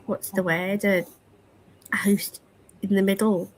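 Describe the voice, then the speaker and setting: A woman's voice: mid-range voice, level tone, measured pace, poor audio. A woman co-hosting a livestream, chatting casually in an exasperated tone. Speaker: livestream co-host. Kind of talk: casual chat.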